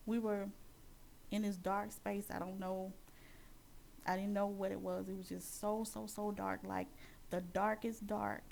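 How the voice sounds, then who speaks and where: A woman recounting her personal Christian testimony, with a gravelly, creaky edge to her mid-pitched voice. She speaks earnestly and haltingly, circling back with fillers. The telling turns dramatic as the story builds. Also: darkish tone, slight background noise.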